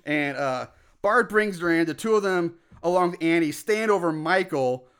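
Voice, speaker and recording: High-voiced man recapping a film casually. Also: moderate pace, clean tone. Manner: animated storytelling, acts out lines and laughs often. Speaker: podcast co-host recapping a movie. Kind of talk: casual chat.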